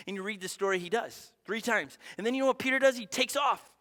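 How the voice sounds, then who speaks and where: Brief: high, bright-voiced man preaching a casual, lively sermon in a reverberant church hall. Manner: conversational, energetic, with asides and quick restarts. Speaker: pastor.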